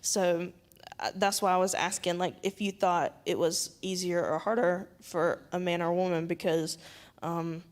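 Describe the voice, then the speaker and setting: Animated young woman, youth pastor. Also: lowish voice, moderate pace. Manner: animated storyteller, acts out quoted speech. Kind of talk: round-table church discussion.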